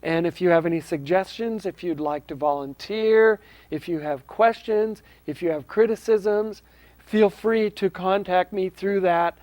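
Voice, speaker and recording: Pria bersuara tinggi, berbicara sungguh-sungguh. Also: male voice, sits high, measured pace, a little mellow, dry recording. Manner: earnest, with frequent ums and restarts. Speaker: host of a local access TV show. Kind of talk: casual unscripted talk to camera.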